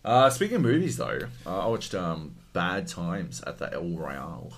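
A deep-voiced man co-hosting a casual podcast. His pitch swings widely as he rants, laughing and swearing freely. He talks in loose, animated bursts. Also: normal speed, soft background music. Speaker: podcast co-host. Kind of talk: casual chat.

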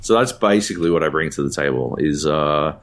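A man with an extremely deep, low-pitched voice chats casually on a podcast. He rambles through his stories, piling up fillers and dropping casual swears as he goes. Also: brisk. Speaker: podcast co-host. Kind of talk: casual chat.

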